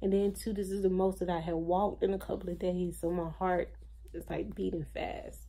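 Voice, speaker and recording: A woman's voice: fairly low pitch, flat delivery, normal speed, vocal fry, warm tone. A tired, drained young woman rambling through a personal video diary at home, full of fillers. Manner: rambling, filler-heavy storytelling. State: tired, low energy. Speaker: vlogger. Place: at home, indoors.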